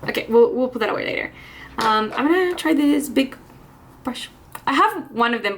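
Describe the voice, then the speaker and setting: A woman chatting casually through a get-ready-with-me makeup vlog, rambling with restarts and small laughs, a little out of breath. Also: on the high side. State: slightly out of breath. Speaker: beauty vlogger.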